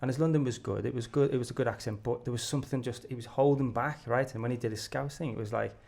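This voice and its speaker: A male podcast host with a mid-pitched, gravelly voice. He talks in an encouraging, animated way, often stammering and restarting his sentences. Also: fast talker. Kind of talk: casual conversational interview.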